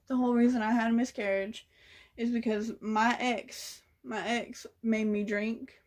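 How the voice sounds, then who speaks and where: A woman's voice: on the high side, flat delivery, unhurried, a little mellow. A young woman telling a story in a casual vlog, blunt and sassy, swearing freely. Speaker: vlogger.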